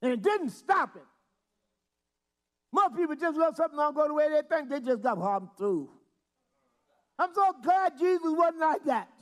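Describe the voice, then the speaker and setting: A man preaching a sermon, breaking into shouts and acting out prayers. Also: very high voice, expressive, moderate pace. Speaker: bishop preaching.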